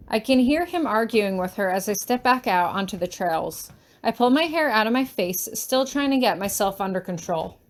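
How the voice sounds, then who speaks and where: A woman reading a first-person fan story aloud, emotional and urgent, with a shaky voice in tense moments. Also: mid-range voice. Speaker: fanfiction reader.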